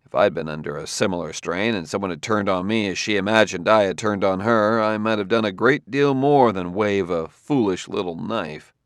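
A man's voice: lowish voice, moderate pace, few pauses, no room sound, clean studio sound, close to an everyday voice. A male audiobook reader voicing a stern, tired middle-aged detective who reasons tersely. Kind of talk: audiobook character voice.

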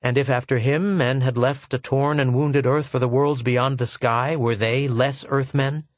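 A male narrator reads a science-fiction novel in a measured, steady voice of middle pitch. The recording is dry and close, with no room sound. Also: dry recording. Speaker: audiobook narrator. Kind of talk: scripted narration.

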